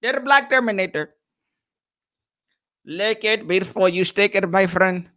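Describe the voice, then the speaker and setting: A man hosting a casual live-stream chat who jokes, teases and laughs a lot. His voice is high and bright. He speaks at an unhurried pace. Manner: joking, laughing, teasing. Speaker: boxing podcast host.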